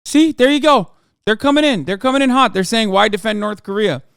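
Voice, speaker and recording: A man hosting a livestream, ranting at his chat in a profane, sarcastic, heated way, sometimes shouting. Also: expressive, brisk, gravelly, smooth, dry recording, clean studio sound. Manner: shouts and raises pitch when ranting. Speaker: livestream host reacting to chat. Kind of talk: casual livestream rant.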